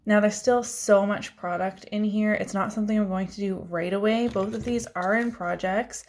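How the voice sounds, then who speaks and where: A woman's voice: medium pitch, fairly even intonation, normal speed, darkish tone. Young woman makeup vlogger, casual chatty self-deprecating talk. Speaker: beauty vlogger. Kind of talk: casual chat.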